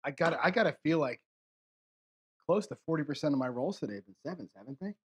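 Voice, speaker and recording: A husky, fast-talking man with a voice on the high side and lively intonation streams craps. Rolling dice, he gives casual live commentary, frustrated and muttering to viewers, swearing between rolls.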